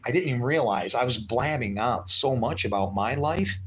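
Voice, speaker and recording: A man's voice: mid-range voice, animated, normal speed, a little hiss or hum. A man telling a rambling personal story on his vlog, chatty and loose, full of asides that check in with the listener. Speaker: vlogger.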